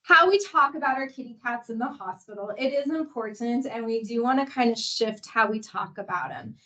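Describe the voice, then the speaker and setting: Leading a workplace training session for veterinary staff, a young woman speaks casually and chattily with an encouraging tone and many fillers. Her slightly high voice is bright and forceful, fairly quick, and the recording sounds muffled.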